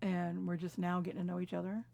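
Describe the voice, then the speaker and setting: Mellow-voiced woman in her fifties reminiscing. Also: on the low side, flat delivery, gravelly. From California. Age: 50s. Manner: reflective, unhurried, laughs softly between memories. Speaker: interviewee. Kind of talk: personal storytelling conversation. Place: quiet recording booth.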